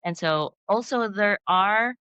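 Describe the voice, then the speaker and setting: A woman's voice: medium pitch, slow, bright, forceful tone, clear, resonant tone, no echo, dull audio. A woman with a Filipino accent, an interview guest speaking carefully and earnestly, sometimes hesitant. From Philippines. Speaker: executive assistant, guest. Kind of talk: video interview.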